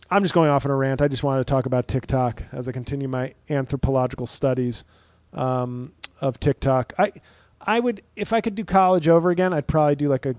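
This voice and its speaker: A man's voice: mid-range voice, a little mellow, no echo. A man in his thirties, a stand-up comedian hosting his own podcast, rambling through a profane, wry solo monologue.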